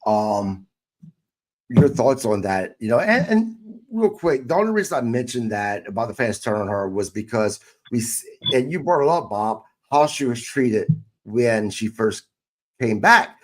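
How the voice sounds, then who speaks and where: Guy running a wrestling podcast, mid pitch, asks his buddies what they think. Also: expressive, a little slow. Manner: asks co-hosts questions, reads listener questions. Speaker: podcast host. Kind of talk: casual wrestling talk.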